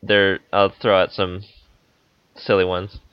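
Low-voiced hesitant man on a dull mic. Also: little pitch movement, takes it slowly, clear, resonant tone, no room sound. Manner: dry, hesitant, many ums. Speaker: podcast co-host. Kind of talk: casual chat.

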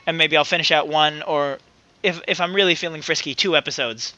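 A man co-hosts a podcast, rambling casually, laughing often, and trailing off before restarting. His voice is a little high, fairly quick, bright and forceful, and the recording sounds dry and muffled.

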